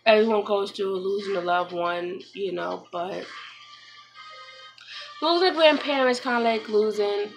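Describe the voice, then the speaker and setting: A young woman from New York talking in a casual personal vlog, subdued and halting, with many fillers and restarts. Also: medium pitch, faint music behind, rough recording. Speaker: vlogger, mother.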